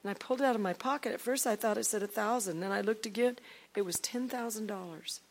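Animated woman telling a faith testimony. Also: mid-range voice, quick pace. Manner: acts out quoted dialogue, swinging from loud to hushed.

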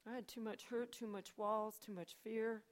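An older woman telling her personal testimony to a church audience, swinging between hushed asides and loud, animated storytelling. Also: on the high side, normal speed. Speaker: church speaker.

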